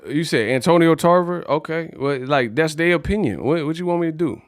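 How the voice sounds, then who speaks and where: Brash young man running a boxing vlog, slangy and mouthy, fairly high voice, dry close sound with faint music. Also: fairly quick, no echo. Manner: brash, slangy trash talk. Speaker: boxing news vlogger. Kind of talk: casual commentary vlog.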